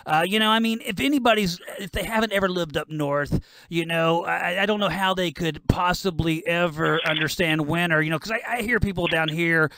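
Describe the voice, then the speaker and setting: A man hosting a rock radio show, with a high-set voice and a bright, forceful tone. He keeps things casual and enthusiastic, peppering his talk with mild swearing. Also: a little fast. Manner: enthusiastic, casual, says "freaking" a lot.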